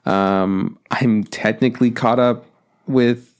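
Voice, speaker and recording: A man's voice: medium pitch, fairly even intonation, slow pace, clear, resonant tone. A man co-hosting a podcast in casual chat, rambling with lots of hesitations and casual swearing. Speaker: podcast co-host.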